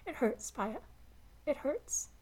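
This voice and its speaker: A woman's voice: on the low side, very animated, a little slow. Woman voicing a weary, strained ship captain. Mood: pained.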